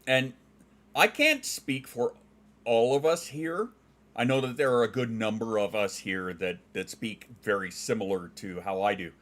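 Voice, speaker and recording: A middle-aged man with a Western Canadian accent, chatting casually on a stream, joking and enunciating clearly like a trained former DJ. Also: mid-range voice, a little slow, a bit bright. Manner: joking, dad jokes. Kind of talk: casual chat reading viewer comments.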